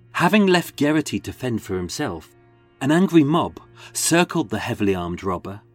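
A man's voice: medium pitch, husky. A man narrating a true-crime story in a dramatic, scripted storytelling manner.

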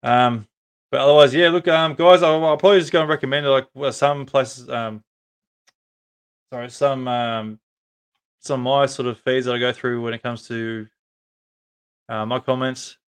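Man, Australian accent, podcast host, casual chat, rambling, flat even pitch, smooth clear voice. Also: moderate pace, pauses often. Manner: rambling, many ums and restarts. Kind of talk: casual live-stream chat.

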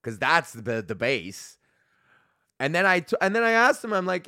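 Rambling, profane man with a bright voice. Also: on the high side, very animated, moderate pace, no echo, clean studio sound. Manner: profane, rambling storytelling with lots of fillers. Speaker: podcast host and comedian. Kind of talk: solo rambling monologue.

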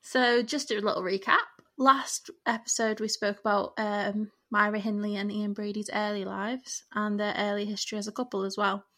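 A woman from northern England with a northern English accent, co-hosting a casual true crime podcast and recapping cases in a relaxed way. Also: medium pitch, moderate pace, hardly any pauses. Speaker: podcast co-host.

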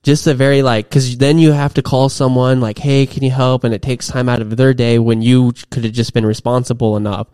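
A man's voice: mid-range voice, flat delivery, fairly quick, few pauses, dark tone, clean tone, dry recording, studio quality. Rambling young male podcast co-host. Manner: rambling, many fillers and restarts. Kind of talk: casual chat.

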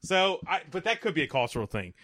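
A man's voice: a little high, fast talker, over a noisy crowd. A man co-hosting a casual podcast about a movie, talking loosely with plenty of swearing and frequent laughs. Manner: laughs often, profane, animated.

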